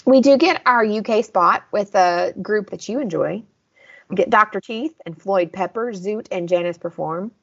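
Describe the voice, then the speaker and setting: A young Southern American woman co-hosts a podcast, chatting casually and recapping scenes with lots of "like" and "um," acting out quotes and laughing. Her voice is medium-pitched, creaky, and moderately paced, with lo-fi sound.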